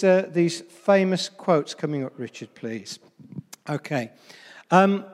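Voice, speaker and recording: A man preaching a sermon to a congregation in a chatty, humorous way, often addressing them directly. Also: high-pitched. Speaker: pastor. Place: church hall before a congregation. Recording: long reverb of a church hall.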